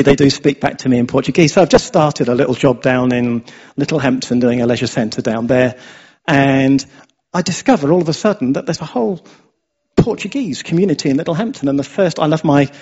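A man's voice: mid-range voice, a little mellow, breathy edge. An English man giving a chatty sermon, often asking his listeners "yeah?" as he tells stories. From England. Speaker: preacher. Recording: dull lo-fi sound.

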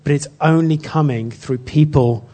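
A man giving an informal sermon built around a personal story, earnest and halting, with frequent restarts. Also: fairly high pitch, dark tone. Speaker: church speaker.

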